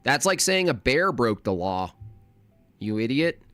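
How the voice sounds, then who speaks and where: A man's voice: medium pitch, very animated, unhurried, a bit bright, no room sound, soft background music. A man hosting a live reaction stream, his talk combative and openly scornful. He slips into silly mimicking voices to mock the people he argues against. The sound is dry and close, with no room around it.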